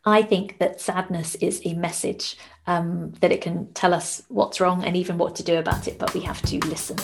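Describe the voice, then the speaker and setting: A woman's voice: on the low side, level tone, normal speed, gravelly, soft background music. Woman in her thirties, podcast guest, self-deprecating, chatty. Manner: self-deprecating, laughs easily. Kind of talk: interview conversation.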